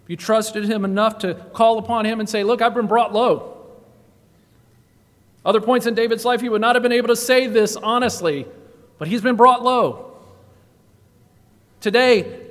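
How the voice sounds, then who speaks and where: A man preaching a sermon in a church, swinging between loud emphatic exclamations and low hushed passages. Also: long reverb tail. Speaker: guest preacher. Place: church sanctuary.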